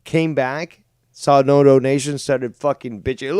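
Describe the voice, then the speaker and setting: A man in crude, joking banter, teasing and playful, with a voice in a middle pitch. The sound is dry and close, with no room echo. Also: lively intonation, moderate pace, a little mellow. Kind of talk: casual banter.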